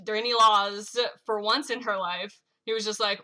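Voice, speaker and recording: A woman's voice: mid-range voice, steady tone, moderate pace, pushed and bright. A woman player describing her character's actions in a tabletop game. Her delivery is loose and rambling, with frequent "like".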